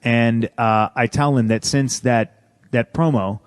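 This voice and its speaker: Being interviewed, a US professional wrestler in his thirties recounts his story with blunt, profane, griping casual talk. His medium-pitched voice is smooth and unhurried, its intonation fairly even, with no echo.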